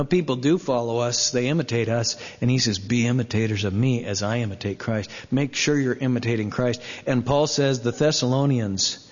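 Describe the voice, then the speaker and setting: Emphatic preacher man, echoing hall. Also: medium pitch. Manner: emphatic, rhetorical questions, slows on scripture quotes. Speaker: pastor. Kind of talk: sermon. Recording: reverberant, dull lo-fi sound.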